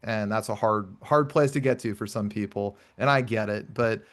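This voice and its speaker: A man in his thirties hosting a conversational podcast, with a fairly low voice. He is earnest and reflective, weaving personal stories into the talk. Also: moderate pace. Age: 30s. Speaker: podcast host. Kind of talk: conversational interview.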